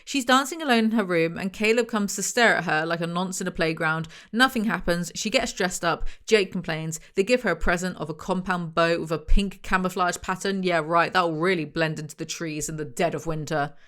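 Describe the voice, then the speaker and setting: A woman's voice: fairly low pitch, brisk, few pauses, a bit bright. A woman reviewing a book with dry, sarcastic humor.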